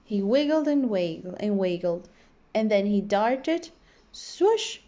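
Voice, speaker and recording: A woman primary school teacher reading a children's storybook aloud, expressive with playful sound effects, on a dull lo-fi recording. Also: mid-range voice, measured pace.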